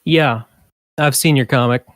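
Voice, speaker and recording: A man's voice: medium pitch, a little slow, a bit bright, no room sound. Wry, dry-talking man on a podcast. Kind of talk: casual comedic chat.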